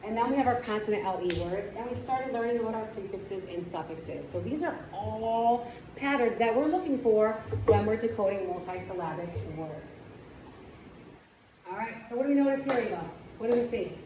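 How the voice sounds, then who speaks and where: A woman's voice: fairly high pitch, animated, moderate pace. Encouraging woman teaching a reading lesson. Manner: clear, encouraging, step-by-step instruction. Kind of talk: demonstration lesson with teacher commentary. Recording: echoey room, dull and noisy sound.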